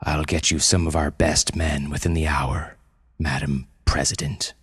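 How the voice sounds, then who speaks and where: A man's voice: a bass voice, level tone, unhurried, husky, no room sound, studio quality, full character voice. A man doing a cold, steely government agent. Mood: formal. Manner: cold, angry, blustering. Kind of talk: storytelling audio drama.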